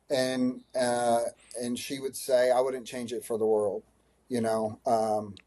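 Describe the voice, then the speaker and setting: A man, a high school running coach, answering in a podcast interview, earnest and emotional, with many restarts. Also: dark tone.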